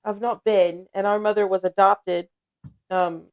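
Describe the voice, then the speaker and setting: A woman's voice: medium pitch, little pitch movement, unhurried, muffled recording. A woman from the United States hosting a casual livestream chat, talking freely, laughing often and reading viewers' comments aloud. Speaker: livestream host.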